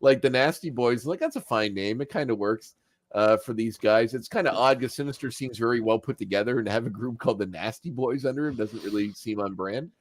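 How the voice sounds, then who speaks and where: A man hosting a casual podcast, recapping an animated episode as an animated storyteller who acts out quotes and chuckles as he goes. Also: mid-range voice, a little fast. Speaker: podcast host.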